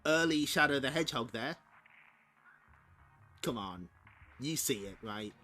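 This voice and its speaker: A streamer hosts a casual read-along, reading a comic aloud with wry asides and frequent laughter. His medium-pitched voice is lively and sharp-toned, moving at a measured pace, with faint music behind him.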